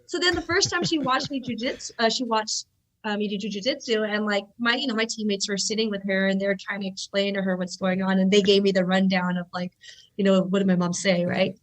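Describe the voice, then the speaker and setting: A young woman from California, a guest on a podcast, chatting casually and telling stories with lively acted-out voices. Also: medium pitch, a little fast, low-quality recording. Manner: animated storyteller, acts out quoted voices. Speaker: podcast guest, jiu-jitsu athlete. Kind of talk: casual chat.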